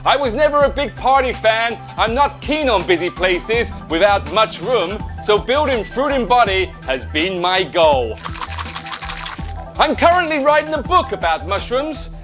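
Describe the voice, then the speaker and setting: Comedy ad bit: man doing a high, bouncy fake-Canadian salesman, pun-heavy. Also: lively intonation, unhurried, music in the background, full character voice. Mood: cheesy, upbeat. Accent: put-on Canadian. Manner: corny puns, sing-song sales pitch. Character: male Canadian mushroom supplement salesman, punning and chirpy. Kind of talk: comedy sketch advert.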